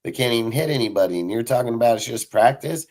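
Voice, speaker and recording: A man's voice: medium pitch, lively intonation, quick pace, darkish tone. A man hosting a casual sports talk show, ranting heatedly and swearing constantly. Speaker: podcast host.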